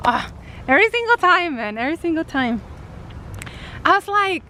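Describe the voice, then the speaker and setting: A high-pitched woman chats to camera in a loose, animated storytelling style, full of fillers, slipping into the voices of the people she quotes. Faint outdoor traffic hums behind her. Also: moderate pace. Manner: animated retelling, acting out quoted dialogue, many fillers. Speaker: spiritual vlogger.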